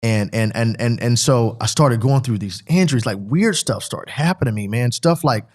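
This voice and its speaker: Here a former football player, middle-aged and from Pennsylvania, gives heartfelt testimony as a guest, earnest and circling back over the same points. His voice is medium in pitch and moves at an ordinary speed.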